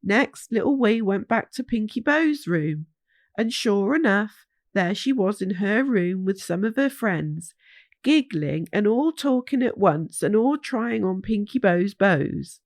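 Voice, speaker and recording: A woman reading a children's bedtime story aloud, slow and soothing. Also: mid-range voice, lively intonation, no echo, clean studio sound.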